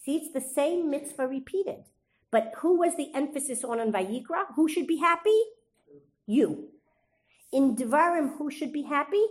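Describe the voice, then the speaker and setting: A woman with a high-sitting voice and lively intonation teaches a Torah class at normal speed. Between explanations she reads Hebrew verses aloud, and she quizzes her students with questions she then answers herself.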